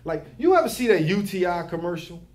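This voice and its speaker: A man's voice: high-pitched, big pitch swings, fairly quick, darkish tone. A young man, a barber giving advice to new barbers in casual, profane chat, repeating his catchphrases. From Philadelphia. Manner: loose, swearing, repeats catchphrases.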